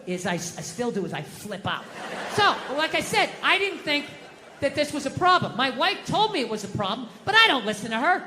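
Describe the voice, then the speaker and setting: Brief: middle-aged male stand-up, bright forceful delivery, profane self-deprecating rants, live room with long reverb. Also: very high voice, very animated, fairly quick, a little hiss or hum. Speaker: stand-up comedian. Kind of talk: stand-up comedy routine. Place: comedy stage before a live audience.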